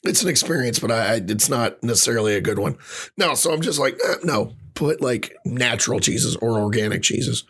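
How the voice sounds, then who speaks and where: A man with a husky, rough-edged voice rants his way through a casual podcast chat. He swears freely and gets worked up, his speaking pitch sitting in an ordinary middle range. The roughness comes from a voice still recovering. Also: fairly quick. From Ireland. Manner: animated ranting with frequent swearing. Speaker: podcast co-host.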